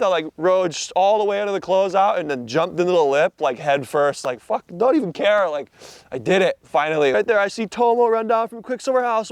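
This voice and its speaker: A man's voice: high-pitched, brisk, clear, resonant tone, dry recording. A young man from Hawaii, a surfer telling a story in a casual interview with laid-back slang and a lot of swearing.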